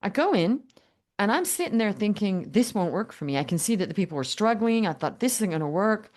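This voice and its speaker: An older woman guest telling her business story in an interview, animated and humorous, acting out both sides of past conversations. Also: mid-range voice, brisk. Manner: animated, acts out dialogue with quoted voices, humorous.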